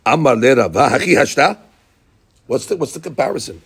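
A man's voice: mid-range voice, animated, brisk, vocal fry, a bit bright, slightly rough. A man teaching a Talmud study lesson, explaining the text line by line and acting out the speakers' words.

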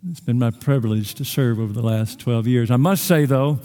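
A man's voice: mid-range voice, a little fast, mellow. A middle-aged man, preaching a sermon with folksy, self-deprecating humor to a large church. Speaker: guest pastor. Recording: long hall reverb.

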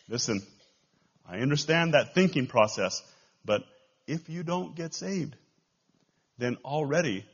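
A man with a Texan accent preaching a sermon as pastor, swinging between loud rises and quiet drops. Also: a little high, breathy edge, muffled recording. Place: church.

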